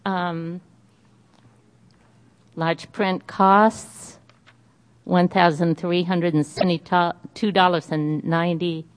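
A woman's voice: on the low side, level tone, slow, long pauses. A woman with a Boston accent carefully reading budget figures aloud at a meeting, with small hesitations.

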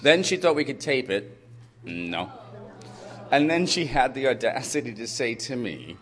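A man telling a personal story to an audience in an animated, humorous way, swinging between loud bursts and quiet asides. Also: mid-range voice, measured pace.

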